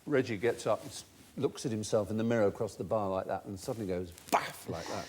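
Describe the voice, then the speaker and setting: A man's voice: fairly low pitch, fast, slightly rough. An Englishman telling an anecdote on a comedy panel show, slipping into voices and chuckling. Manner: animated storyteller who slips into voices, chuckling as he goes.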